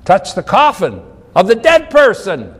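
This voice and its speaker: A man's voice: high-pitched, huge pitch swings, unhurried, husky. A man preaching a Bible teaching sermon, explaining scripture with questions to the listeners and repeating and restarting phrases. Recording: long hall reverb.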